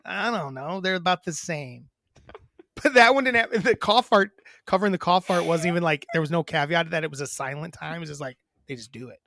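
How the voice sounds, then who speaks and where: A young woman co-hosting a casual podcast with her sibling, teasing and animated, swearing freely and acting out her own reactions. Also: on the low side, a little fast, no echo, studio quality. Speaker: podcast co-host.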